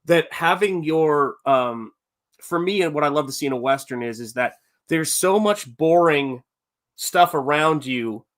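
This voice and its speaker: A man with a slightly high, fairly bright voice speaks a little slowly while hosting a casual chat about Western movies. Enthusiastic like a true fan, he rambles and keeps correcting himself.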